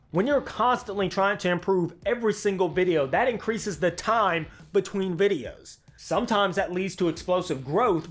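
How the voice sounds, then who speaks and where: A man hosting his own channel, reading a scripted narration in a sarcastic, self-deprecating way, with a velvety smooth voice. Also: sits high, fairly bright tone. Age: adult with a career. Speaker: YouTube channel host.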